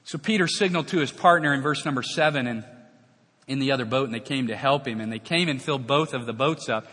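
A man's voice: medium pitch, expressive, brisk, a bit bright. A man preaching a sermon, telling a Bible story with dramatic acted-out dialogue. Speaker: pastor. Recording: long reverb of a large hall.

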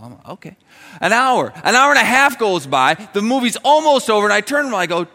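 A young adult man, a pastor, preaching a sermon and telling a story with lively acted-out dialogue. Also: high-pitched, fast. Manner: animated, acts out dialogue in his story. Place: church sanctuary. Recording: long hall reverb.

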